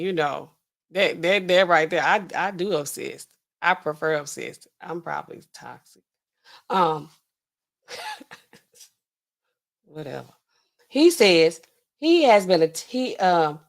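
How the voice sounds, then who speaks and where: A woman hosting a livestream in casual commentary, animated and laughing, acting out quotes in exaggerated voices. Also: fairly low pitch, vocal fry. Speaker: pharmacist livestream host.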